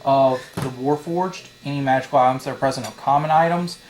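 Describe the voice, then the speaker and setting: A man running a tabletop game as dungeon master, pausing often and filling gaps with "um" as he describes the scene. His delivery is halting and casual. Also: medium pitch, darkish tone, slight background noise. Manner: halting, many fillers.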